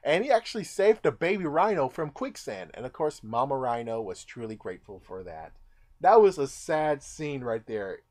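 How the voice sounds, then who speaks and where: A man's voice: mid-range voice, big pitch swings, moderate pace, a little mellow. A man casually recapping a movie in a rambling way, now and then acting out the characters' lines. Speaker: movie reviewer.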